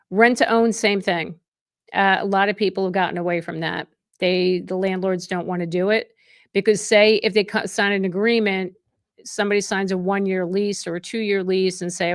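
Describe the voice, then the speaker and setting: A middle-aged woman from New Jersey, a real estate agent chatting casually on a live stream, reading viewer comments and greeting people by name with excited bursts. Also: medium pitch, no room sound, studio quality.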